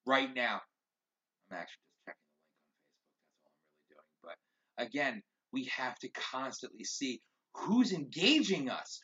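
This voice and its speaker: Husky ranting man, dull lo-fi audio. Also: mid-range voice, a bit bright. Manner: fired-up, preachy, repeats phrases for emphasis. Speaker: podcast host. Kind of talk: ranting social commentary.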